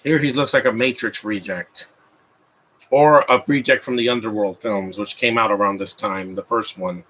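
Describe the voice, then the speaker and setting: A man's voice: lowish voice, normal speed, a bit bright. A man in his thirties giving a rambling, mocking live commentary over a movie, with frequent restarts. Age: 30s. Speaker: film commentator.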